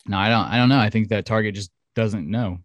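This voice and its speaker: Chatty, excitable podcast co-host man. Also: on the low side, fast talker, dry recording. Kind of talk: casual chat.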